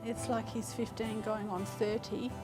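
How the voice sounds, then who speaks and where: A woman's voice: fairly high pitch, flat delivery, a little slow, over loud music. Earnest mother recounting a story. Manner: conversational, hesitant with fillers, earnest. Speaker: mother interviewee. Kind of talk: recounting a personal story in an interview.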